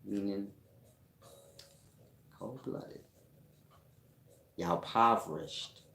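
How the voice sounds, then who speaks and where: A man's voice: on the low side, lively intonation, extremely slow, creaky, sharp tone, reverberant, a little hiss or hum. A man hosting a casual livestream as a spiritual teacher, reading viewer comments and teasing them with slangy jokes and frequent laughter. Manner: joking and teasing, laughs often, slangy and rambling. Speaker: livestream host and self-styled spiritual teacher.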